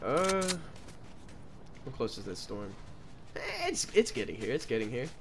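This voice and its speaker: A man's voice: mid-range voice, big pitch swings, moderate pace, background noise. A man in his twenties rambling and cursing while commenting on his gameplay. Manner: rambling, swears often, loud outbursts at the game. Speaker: gaming streamer.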